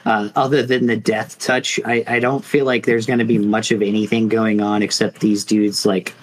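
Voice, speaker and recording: Rambling husky-voiced man. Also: fairly low pitch, flat delivery, moderate pace, low-quality recording. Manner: rambling, filler-heavy storytelling. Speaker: podcast co-host. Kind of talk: casual podcast banter.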